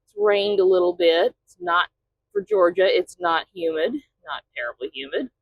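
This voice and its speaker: A woman's voice: lowish voice, wildly swooping pitch, moderate pace, creaky, highs cut off. A woman truck driver chatting casually in a vlog from inside her truck cab, often talking to her cat.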